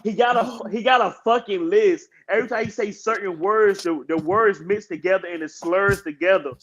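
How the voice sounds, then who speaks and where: Man, casual podcast co-host, profane rant, fairly high voice, muffled lo-fi recording. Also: normal speed. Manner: animated, profane, rants and rises in pitch when heated. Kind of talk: casual wrestling chat.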